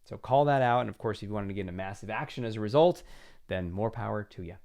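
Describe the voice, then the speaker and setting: Gravelly low-voiced male podcast coach. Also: fast talker, a little mellow. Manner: earnest, coaching, addresses the listener directly; acts out inner voices in quotes. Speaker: podcast host and confidence coach. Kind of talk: self-help podcast monologue.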